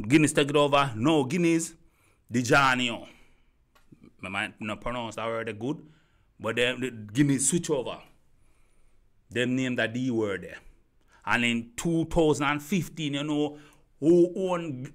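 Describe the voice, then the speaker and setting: A Jamaican man in a rambling monologue, talking straight at his audience. His heated delivery circles back to the same points again and again. His voice sits at an ordinary middle pitch and comes across bright and tense. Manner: heated, repetitive, addresses listeners directly. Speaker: commentator. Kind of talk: rambling opinion rant to camera.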